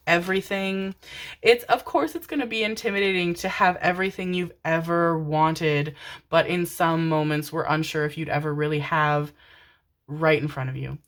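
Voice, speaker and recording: A young woman doing a pick-a-card tarot reading, affectionate and giggly, calling viewers her babies and swearing casually. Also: low voice. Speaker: tarot reader.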